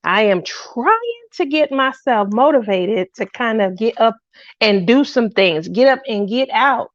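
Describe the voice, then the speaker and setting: On her craft livestream, a middle-aged woman chats slowly and casually, feeling low and lonely, drifting between thoughts and greeting viewers by name. Her medium-pitched, animated voice comes through a dry, slightly muffled home mic with no room sound.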